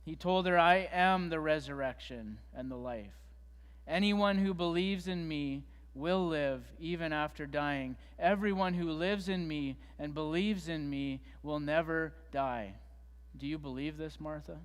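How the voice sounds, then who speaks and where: A man's voice: a little high, unhurried, clear, resonant tone, in a large hall. A man preaching a sermon in a church, retelling scripture in a conversational way with fillers and restarts. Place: church sanctuary.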